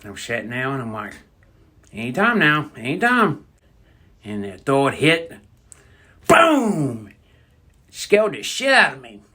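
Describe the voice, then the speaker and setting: A young man telling a crude comedic prank story in a rambling, deadpan way. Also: mid-range voice, normal speed, hardly any pauses.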